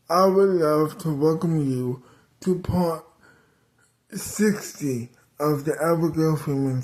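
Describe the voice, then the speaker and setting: A man narrating an improvised serial story, halting often and restarting sentences. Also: on the high side, mellow. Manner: halting, many fillers and restarts.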